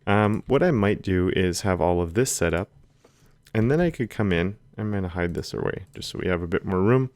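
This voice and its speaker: Low-voiced man teaching code. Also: brisk, no room sound. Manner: relaxed, talks while typing code. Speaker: coding instructor. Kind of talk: screen-recorded coding tutorial. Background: keyboard typing.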